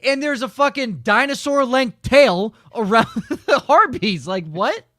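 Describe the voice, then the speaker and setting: A man's voice: extremely high pitch, animated, a little slow, bright, forceful tone, dry recording. A man co-hosting a fantasy football podcast, ranting and joking with lots of swearing and laughter. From North Dakota. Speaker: podcast co-host. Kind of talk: casual chat.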